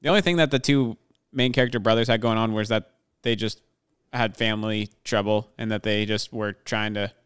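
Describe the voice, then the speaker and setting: A man's voice: on the low side, steady tone, fairly quick, clean tone. A man chatting casually as a podcast co-host, rambling with many filler words and laughing often. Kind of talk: casual chat.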